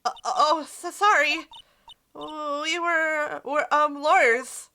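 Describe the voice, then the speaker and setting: A woman's voice: high-pitched, slow, sharp tone, a little hiss or hum, full character voice. A woman voicing an earnest young male defense lawyer who talks politely and a little awkwardly.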